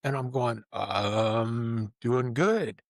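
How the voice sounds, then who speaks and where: A man's voice: mid-range voice, drawn-out words, creaky, dry recording. A man in his fifties or older, hosting a podcast, telling long rambling stories in casual chat with swearing and acted-out quotes. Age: 50s or older. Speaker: podcast host.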